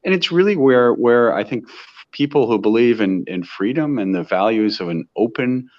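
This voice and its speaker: A man's voice: medium pitch, expressive, moderate pace, dull audio. An American man talking earnestly in an interview, often restarting his sentences as he builds his point. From United States. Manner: earnest, impassioned, with frequent restarts. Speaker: interview guest. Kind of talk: conversational interview.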